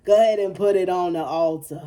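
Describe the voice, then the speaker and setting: A woman's voice: fairly low pitch, fairly quick, warm tone, a little hiss or hum. A woman giving a casual tarot reading, blunt and profane, repeating her points emphatically and laughing between lines. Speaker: tarot reader.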